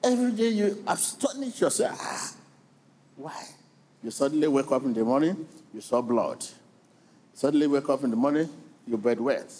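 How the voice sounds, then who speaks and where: A middle-aged male pastor preaching a sermon in a slow, deliberate way, repeating phrases rhythmically and calling on the congregation to respond. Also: mid-range voice, expressive, darkish tone, breathy edge.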